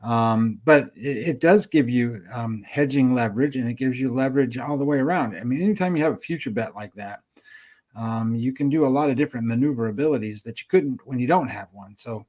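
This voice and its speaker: A man's voice: medium pitch, a little fast, darkish tone. A man co-hosting a sports betting show, chatting casually and rambling with many ums and restarts.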